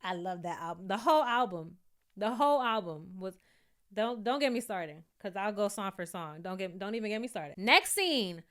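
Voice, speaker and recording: A woman's voice: medium pitch, normal speed. Chatty woman reviewing a reality show. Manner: chatty, animated, often laughing and quoting people. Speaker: YouTube reviewer. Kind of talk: casual recap and commentary.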